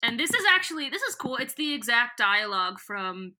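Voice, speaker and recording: A woman's voice: on the high side, sing-song, fairly quick, bright, forceful tone. A woman co-hosting a podcast, recapping a book in casual, profane, giggly chat and acting out the characters' lines. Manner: giggly, profane, acts out lines in put-on voices.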